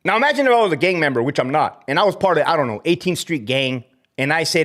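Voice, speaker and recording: This middle-aged man talks fast, with a somewhat high, slightly bright voice and lively intonation. A former corrections officer turned livestream host, he rants about his old job while answering chat, profane, mocking, fired-up and peppered with Spanish slang.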